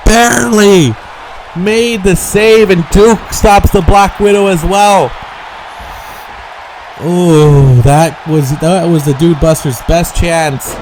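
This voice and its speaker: A man giving casual, rambling play-by-play for a wrestling video game, excitable and quick to correct himself. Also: sits high, slight background noise, low-quality recording. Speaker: game commentator.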